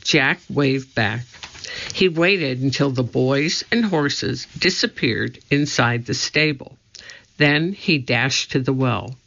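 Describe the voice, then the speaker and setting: A man reading a children's story aloud in a steady, scripted narration. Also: mid-range voice, takes it slowly, gravelly. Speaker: audiobook narrator. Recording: slightly dull lo-fi audio.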